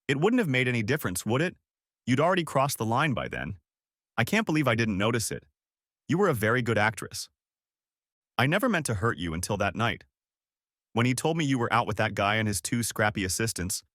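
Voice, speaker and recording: A remorseful young wife pleads and apologizes in earnest, as a man puts her on. The voice sits fairly low and sounds dry and close, with no room around it. It is a storybook reading, not a staged drama. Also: a bit bright, no room sound.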